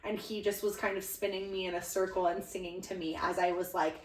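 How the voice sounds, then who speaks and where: A woman's voice: fairly low pitch, steady tone, fairly quick, distant mic, a little hiss or hum. A young woman co-hosting a podcast, telling a story in a gushing, casual way with lots of fillers. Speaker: podcast co-host. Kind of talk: casual chat. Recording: echoey room, voice a bit off-mic.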